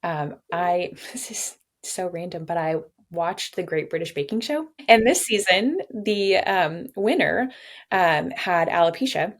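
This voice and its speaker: A woman's voice: fairly low pitch, animated, measured pace. A young woman telling her own story in an interview, open and reflective, with light laughs and playful quoted voices. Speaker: patient sharing her story. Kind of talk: candid interview.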